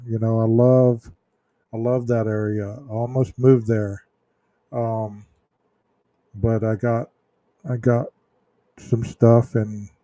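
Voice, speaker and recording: A man's voice: mid-range voice, warm tone, dry recording. A man hosting a true-crime livestream, chatting casually with viewers in chat, rambling with fillers and restarts.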